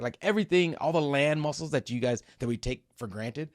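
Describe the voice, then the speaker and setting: Talking fast with hardly any pauses, a middle-aged CEO with a mid-range voice recalls his ocean row during a casual interview. Studio-quality audio with no room sound captures him swearing freely, showing open emotion and acting out how he reacted.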